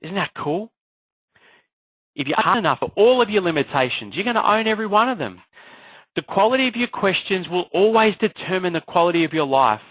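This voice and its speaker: A man coaching an online class in an energetic motivational style, firing off rhetorical questions. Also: sits high, dry recording, low-quality recording. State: clearing a frog in his throat. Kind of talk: motivational live class talk.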